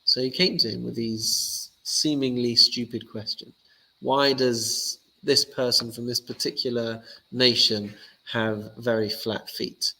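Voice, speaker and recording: Male rabbi, relaxed joking class teacher, gravelly voice, average pitch. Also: a little slow, slight background noise, poor audio. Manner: chatty, joking, loose storytelling. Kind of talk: casual Torah lesson.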